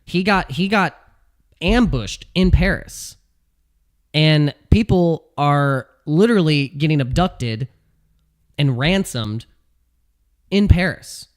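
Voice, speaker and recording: A man giving casual commentary as a video host, animated and ranting, repeating phrases and laughing at his own jokes. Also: on the high side, slow pace, pauses often. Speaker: crypto YouTuber. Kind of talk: casual talking-head commentary.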